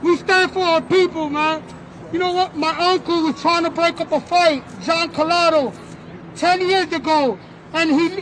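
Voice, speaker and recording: A man giving an impassioned speech at an outdoor street rally, with halting restarts. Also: very high voice, fairly bright tone, poor audio. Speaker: protest speaker. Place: outdoor city street march. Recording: live street feed amid crowd noise. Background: crowd and street noise.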